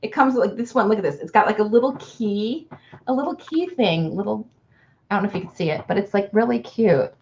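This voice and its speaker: A woman's voice: mid-range voice, animated, brisk, gravelly, darkish tone, lo-fi sound, a little hiss or hum. A woman giving casual card readings to viewers on a livestream, chatty and affectionate, calling people hun. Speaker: card reader.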